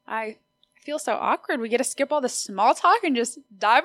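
A woman's voice: fairly high pitch, expressive, normal speed, fairly bright tone, dry recording, studio quality. A woman, whose was Spanish, hosting her own podcast in a bubbly, chatty, upbeat way. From Austin, Texas. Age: 20s. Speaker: podcast host. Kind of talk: solo podcast monologue.

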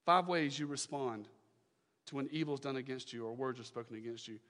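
A male pastor preaching a sermon, emphatic, repeating his phrases and swinging from loud declarations to hushed lines. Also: mid-range voice, brisk, in a large hall.

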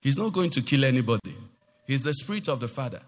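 A man's voice: mid-range voice, expressive, fast talker, big-room sound, a little hiss or hum. A male pastor preaching a sermon, quizzing the congregation with rhetorical questions.

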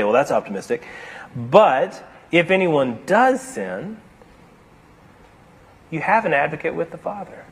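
A man's voice: sits high, breathy edge. A man preaching a sermon, retelling a story dramatically and acting out the characters' dialogue.

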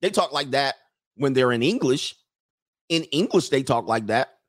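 A man's voice: medium pitch, animated, normal speed, no echo, clean studio sound. A man, an online coach, chatting casually on a livestream in a rambling, slangy way and laughing often.

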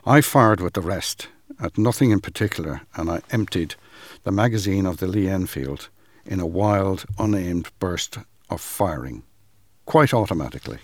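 A man giving a measured, dramatic reading of a first-person account. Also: low-pitched, lively intonation, no echo.

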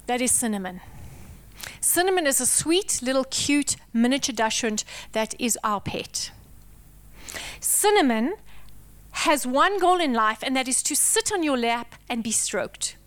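A woman preaching with a high, smooth voice. She delivers her sermon dramatically, swinging between hushed, intense whispers and loud, emphatic declarations. The sound is close and dry. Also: lively intonation, measured pace, dry recording.

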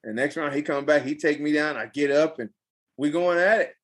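In a casual interview, a young adult man who fights professionally tells a story with animated emphasis, repeating phrases for effect. His voice sits on the high side, and he speaks briskly.

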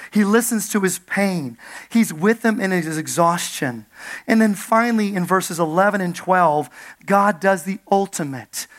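A man preaching a sermon as a pastor, dropping soft and low for gentle quoted words and building to emphatic points. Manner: drops soft and low when quoting God's gentle words; builds to emphatic points, then slows for weight.

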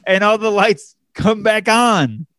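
Young man, comedian, podcast storytelling, animated, lots of restarts, smooth clear voice, dry close sound. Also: slow, no room sound. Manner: animated, jumps up in pitch to act out quoted people, many fillers and restarts.

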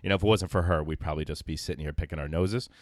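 A man's voice: very deep voice, dry recording, studio quality. A man hosting a podcast in casual chat, joking and teasing his co-hosts. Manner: joking, teasing, drawn-out announcer delivery. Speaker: podcast host.

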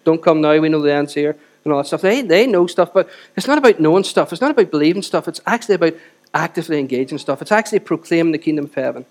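A man preaching a sermon to a church congregation, swinging between loud exhortation and quiet, close moments, and often asking the audience rhetorical questions. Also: on the high side, animated, racing. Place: church service.

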